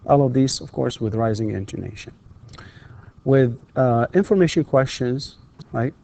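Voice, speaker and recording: Slow, mellow-voiced man teaching English grammar. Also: mid-range voice, lively intonation, gravelly, dull audio. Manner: patient, models example sentences with exaggerated rising intonation; slips briefly into Arabic to instruct students. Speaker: English instructor. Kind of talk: slow recorded lecture over slides. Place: university distance-learning studio.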